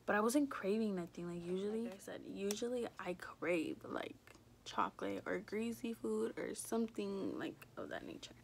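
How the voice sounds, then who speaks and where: A young woman telling a personal story in a casual, rambling way, filling every pause with "like" and swearing freely. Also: medium pitch, vocal fry, slight background noise. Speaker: vlogger.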